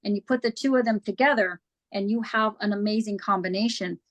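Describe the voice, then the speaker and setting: A woman in the guest's chair with a voice of ordinary middle pitch. She tells her story candidly and earnestly, slipping into the voices of past conversations as she goes. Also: fairly quick. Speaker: interview guest. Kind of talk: casual personal storytelling.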